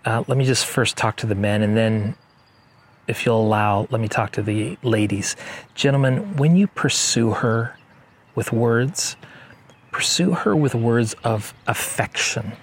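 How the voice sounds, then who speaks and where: Male pastor, mid-pitched voice, casual joking sermon delivery with slow, emphatic stresses. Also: husky. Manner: conversational and joking, slows down for emphasis. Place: church service.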